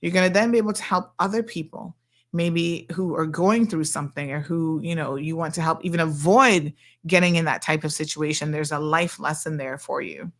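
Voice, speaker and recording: Chatty woman host, low voice. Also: moderate pace. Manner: chatty and animated, acting out quoted people. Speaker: talk show host. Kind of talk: casual storytelling monologue.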